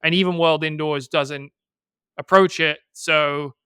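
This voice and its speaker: A podcast co-host from Boston talks in a casual, thinking-aloud way. His voice is bright and crisp and sits a little high, and the sound is dry and close. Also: steady tone, unhurried, dry recording. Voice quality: thinks aloud, hedging with "I mean" and "like". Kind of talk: casual chat.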